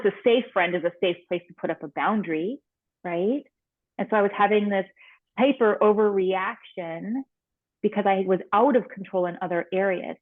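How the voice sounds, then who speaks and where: A woman's voice: medium pitch, dry recording. A woman confidence coach candidly telling a personal story in an online workshop over a video call. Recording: tinny phone-like call audio.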